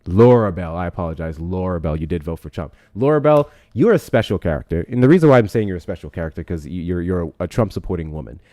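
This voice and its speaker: A livestream debate host talks loosely and fast, his low, expressive voice running with few pauses as he swears loudly and laughs a lot. The audio is clean studio sound with no room echo, fitting the casual live-stream chat.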